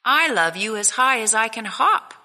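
A woman voicing a small, sleepy young male hare in a storybook, speaking eagerly and higher than her own voice. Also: expressive, normal speed, sharp tone, exaggerated voice. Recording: echoey hall with long reverb.

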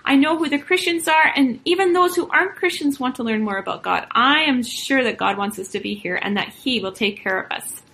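A woman voicing a calm, faithful male missionary in a storybook reading, steady and reassuring. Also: high voice, a little fast, few pauses, pitched above the performer's own voice. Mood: earnest.

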